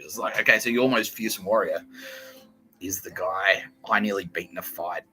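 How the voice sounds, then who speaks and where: A man's voice: deep voice, moderate pace, sharp tone, soft background music, poor audio. A young Australian man hosting a podcast, telling a heated, profane story in a rambling casual monologue. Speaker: podcast host.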